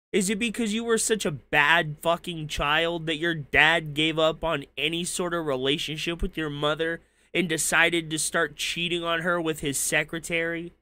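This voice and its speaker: A man's voice: high-pitched, pushed and bright, clean tone, no room sound. A man hosting a casual livestream. He comments with profane, mocking rants and then signs off to his viewers. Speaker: stream commentator.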